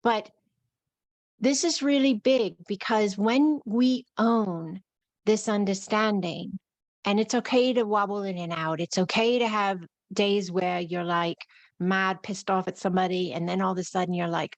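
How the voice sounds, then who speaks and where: A woman with a New York accent talks through a live-streamed spiritual lesson, her voice sitting at a middle pitch. She moves in flowing, repeating phrases. The sound is close and dry, with no room around it. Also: steady tone, measured pace, no echo. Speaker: spiritual teacher.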